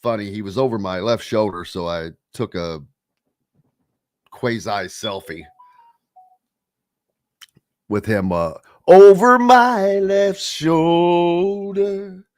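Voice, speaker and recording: A man's voice: sits low, takes it slowly, pauses often, no echo. A man hosting a casual sports talk radio show, rambling loosely with plenty of fillers and reading listener comments aloud.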